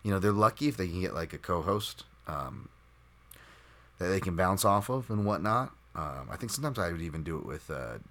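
A man with a deep, low-pitched voice hosts a solo podcast, talking off the cuff. He rambles, restarts his sentences and fills gaps with ums and you-knows. He is quick to make fun of himself. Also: animated, pushed and bright. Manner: rambling, self-deprecating, full of fillers and restarts. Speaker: podcast host. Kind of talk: solo unscripted podcast talk.

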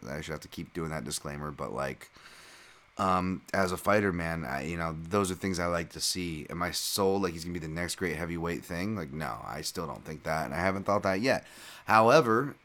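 Male podcast host, low voice, loose and chatty fight analysis. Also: brisk, a bit bright. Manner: chatty, slangy, addresses listeners as folks.

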